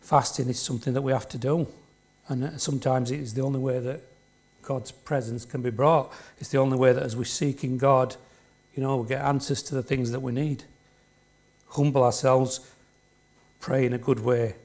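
A man's voice: mid-range voice, steady tone, normal speed, darkish tone. Man preaching, chatty tag questions. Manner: conversational, leans on tag questions to the congregation. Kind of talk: sermon. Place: church.

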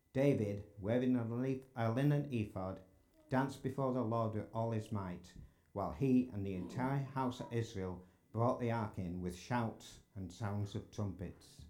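Earnest preacher with a mellow low voice. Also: male voice. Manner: earnest, rising to emphatic exclamations. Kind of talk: sermon. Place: church sanctuary.

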